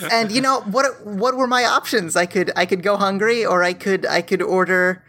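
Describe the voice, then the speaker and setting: A woman with a fairly low voice tells an absurd story as a podcast guest. Her manner is deadpan, and she restarts her sentences now and then. The delivery stays dry throughout. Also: normal speed.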